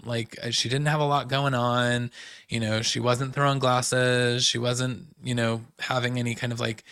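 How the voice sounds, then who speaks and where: A man's voice: medium pitch, vocal fry, a bit bright, no room sound, studio quality. A man hosting a casual podcast, recapping reality TV in a loose, chatty way with lots of fillers and quoted asides. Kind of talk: casual chat.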